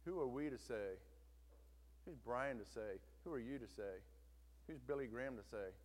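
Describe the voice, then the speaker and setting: A man's voice: mid-range voice, animated, normal speed, long reverb tail. A male pastor preaching a sermon, telling a story with emphatic turns and urging the congregation to listen.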